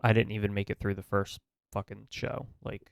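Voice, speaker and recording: A lower-pitched man with a smooth, clear voice, chatting in a laid-back way on a podcast. He hesitates on small fillers. The sound is dry and close. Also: level tone, a little fast, no room sound. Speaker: podcast co-host. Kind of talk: casual chat.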